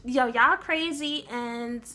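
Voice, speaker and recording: A woman's voice: high-pitched, takes it slowly, pushed and bright, full character voice. A young woman voicing outraged, devout Viking-like warriors in a casual retelling.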